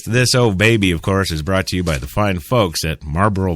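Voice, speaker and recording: A man's voice: low-pitched, brisk, hardly any pauses, fairly bright tone. A man with an American accent hosting a talk radio show, sarcastic and mocking, laughing often. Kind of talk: casual talk radio commentary.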